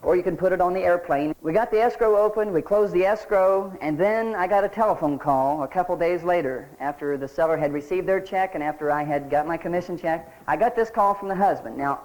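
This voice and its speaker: A man's voice: sits high, moderate pace, rough recording. A man teaching a real estate sales seminar, telling folksy anecdotes and asking his listeners questions as he goes. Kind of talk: recorded seminar lecture.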